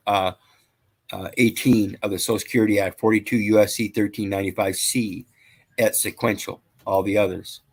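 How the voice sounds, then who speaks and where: A man's voice: on the low side, steady tone, moderate pace. A man lecturing casually, reading out statute numbers and scripture in a rambling, preachy way. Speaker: channel host.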